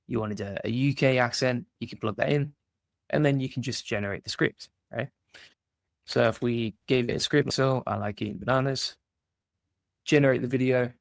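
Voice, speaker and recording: A British man giving a casual step-by-step software tutorial, often checking in with "right?" as he clicks through screens. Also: mid-range voice, gravelly, dry recording, clean studio sound. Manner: casual step-by-step walkthrough, frequent "right?" and "basically". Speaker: course instructor.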